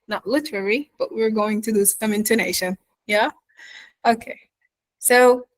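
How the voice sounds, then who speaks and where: Woman teacher, native Arabic speaker, higher-pitched voice, dry close sound, keeps asking "yeah? okay?". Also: fairly bright tone, no room sound, low-quality recording. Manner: checks in often with "yeah?" and "okay?"; switches to Arabic to explain. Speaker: accent teacher. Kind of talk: online class lecture.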